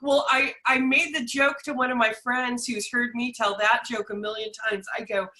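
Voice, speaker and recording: A woman hosting a podcast in casual interview chat, an animated storyteller who acts out what people said. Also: fairly high pitch, normal speed. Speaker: podcast host and sound therapist.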